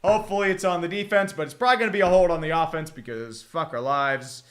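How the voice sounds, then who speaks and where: Man, streamer, high-pitched, bright forceful tone, sarcastic, swearing, rambling live game commentary. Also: quick pace. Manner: exasperated, sarcastic, swears often; rambling, many fillers and repeated groans.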